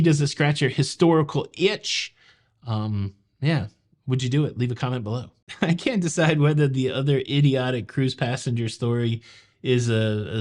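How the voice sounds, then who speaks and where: A man's voice: medium pitch, a little mellow. Male host, Southern accent, casual news commentary, playful wisecracks. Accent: Southern American. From American South. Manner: joking, wisecracking, talks to viewers. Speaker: cruise news show host.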